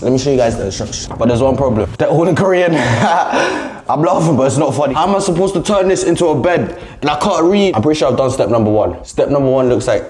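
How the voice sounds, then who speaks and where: A man's voice: medium pitch, darkish tone, slight background noise. A young man vlogging casually to camera while unpacking in an empty apartment, joking and chatty. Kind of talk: casual vlog talk to camera. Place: indoors in an empty apartment room. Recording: echoey bare room.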